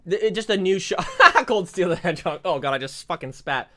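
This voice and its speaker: Foul-mouthed excitable trailer reactor. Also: medium pitch, fairly quick, soft background music. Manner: excitable, swears constantly, jumps between hype and exasperation. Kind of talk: profane reaction rant.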